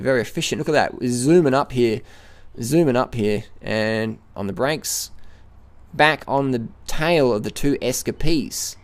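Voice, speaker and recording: A man's voice: medium pitch, normal speed. Man commentating his own bike climb. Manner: excited play-by-play, repeats phrases. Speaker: cycling vlogger. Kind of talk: live ride commentary. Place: outdoors, riding a bike up a hill.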